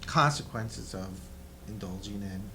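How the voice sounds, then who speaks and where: A man's voice: fairly low pitch, measured pace, noisy background. A man guest on a talk show, an actor joking and mocking himself as he answers questions. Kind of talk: casual comedic interview.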